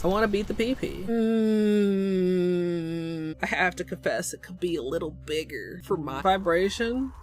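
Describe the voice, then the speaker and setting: A woman's voice: medium pitch, expressive, unhurried. A woman streaming live, chatting casually with silly, crude jokes. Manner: silly, crude, jokey asides. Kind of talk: casual livestream chat.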